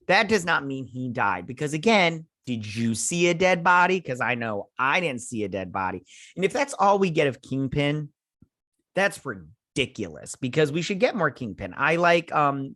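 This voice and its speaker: A man's voice: mid-range voice, very animated, normal speed, pushed and bright, no echo, clean studio sound. Chatty man rambling through a recap. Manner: rambling, chatty, many fillers and restarts. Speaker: show host reviewing an episode. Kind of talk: casual recap and review.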